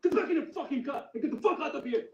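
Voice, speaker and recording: An actor playing a frightened man who puts on a fake Arabic accent and shouts foul-mouthed threats to seem menacing. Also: extremely high pitch, animated, rapid-fire, lo-fi sound, voice pushed up. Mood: threatening, shouting. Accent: put-on Arabic accent. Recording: roomy echo, distant mic.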